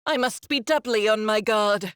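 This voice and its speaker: A woman's voice: medium pitch, moderate pace, a bit bright, clear, resonant tone, no echo, studio quality, natural voice. A woman playing a stern zealous warrior nun. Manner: proud, righteous, scornful. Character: zealous female holy warrior, stern and fearless. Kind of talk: video game voice acting.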